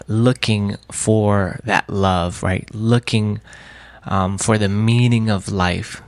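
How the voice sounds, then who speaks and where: A man interviewing a guest, asking measured, prompting questions. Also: on the low side, gravelly, no room sound.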